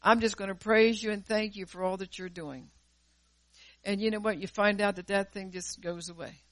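Woman preacher, fervent, loud-to-quiet swings, repeats words, recorded dry and close. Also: medium pitch, fairly even intonation, normal speed, dry recording. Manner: repeats words and restarts phrases while preaching. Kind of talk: sermon.

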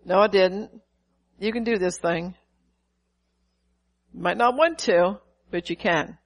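An older woman pastor preaching a sermon, lively, asking the congregation questions and acting out quotes. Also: medium pitch, measured pace, poor audio.

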